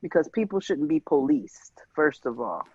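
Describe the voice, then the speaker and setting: A man's voice: on the high side, sing-song, moderate pace, a little mellow, breathy edge, no room sound. A man hosting a podcast, telling a story in an emphatic, heated way. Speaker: podcast host. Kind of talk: casual podcast conversation. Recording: dull lo-fi dry recording.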